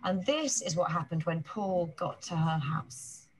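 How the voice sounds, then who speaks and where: A woman, presenting and gently asking questions in an interview. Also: fairly low pitch, lively intonation, measured pace, noisy background. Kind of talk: studio interview.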